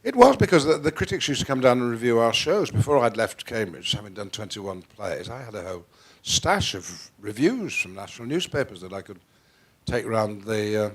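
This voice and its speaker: Older male actor, polished RP over northern roots, theatrical, given to sudden loud bursts. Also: on the low side, lively intonation, moderate pace, slightly rough. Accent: Received Pronunciation with faint northern English traces. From Northwest England. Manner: theatrical, playful, with frequent restarts and sudden swings in loudness. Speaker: guest actor. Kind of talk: onstage interview conversation. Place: theatre stage before an audience.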